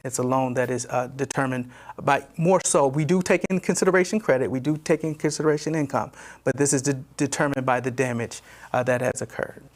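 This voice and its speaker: A man's voice: mid-range voice, a little fast. A man from a disaster loan agency giving an informational briefing, explaining points with frequent fillers and restarts and repeating what he wants to emphasize.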